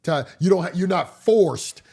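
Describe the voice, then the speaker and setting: A man giving a casual livestream lecture as a course instructor, blunt and profane, his voice hoarse from a cold. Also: sits high, expressive, unhurried, mellow.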